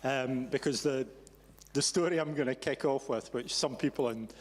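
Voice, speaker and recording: A man hosting a live event, telling a story to an audience in a teasing, animated way. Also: medium pitch, normal speed, noisy background. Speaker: event host. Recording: reverberant hall.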